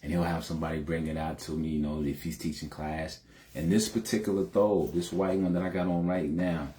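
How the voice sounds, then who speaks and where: A man's voice: deep voice, dark tone. A middle-aged man, a podcast host, telling a personal story in an earnest, emphatic way, often adding "you know" and "man". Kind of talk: heartfelt personal monologue.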